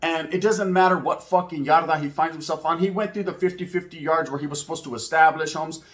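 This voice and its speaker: Slangy, profane man, higher pitch. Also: fairly even intonation, fast, a bit bright. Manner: profane street slang mixed with Spanish words. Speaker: channel host. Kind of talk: casual storytelling.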